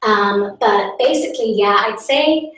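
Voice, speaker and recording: A woman's voice: mid-range voice, a little slow, a bit bright. A young woman hosting a comedic live stream as a self-important celebrity, boastful and chatty with lots of "like" and mock outrage. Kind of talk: improvised character comedy monologue. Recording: roomy sound from a distance.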